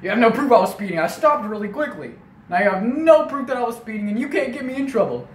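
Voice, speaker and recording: A man's voice: extremely high pitch, expressive, fast talker, distant mic, voice pushed up. A young man voicing his stubborn middle-aged father, who is blunt and bossy. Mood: defiant. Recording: echoey room, faint noise.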